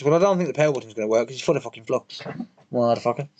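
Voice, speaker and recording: A man's voice: mid-range voice, rapid-fire, a little mellow, dull audio, a little hiss or hum. A man chatting casually on a live repair stream, joking, swearing and answering his chat as he works.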